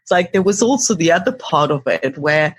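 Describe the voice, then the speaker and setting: Woman host, husky voice, dry close sound, affirming, casual chat. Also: low-pitched, very animated, a little fast, no echo. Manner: affirming, relates the guest's points to her own experience. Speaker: podcast host.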